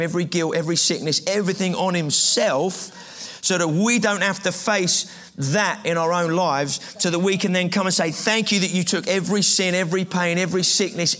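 A man's voice: fairly high pitch, fairly bright tone. A man preaching a sermon to a live audience in a conversational way, repeating phrases and asking the room questions.

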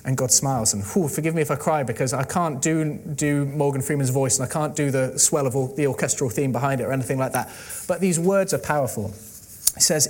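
A man preaching a sermon. He retells a film scene with lively storytelling and speaks each quoted line in his own voice. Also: medium pitch, a little fast.

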